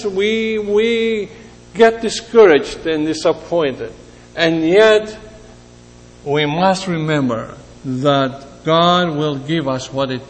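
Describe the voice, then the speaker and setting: A male pastor delivers a sermon in slow, emotional phrases with frequent pauses. His voice sits a little high for a man. The sound carries a long reverb from a large hall, with a faint hum underneath.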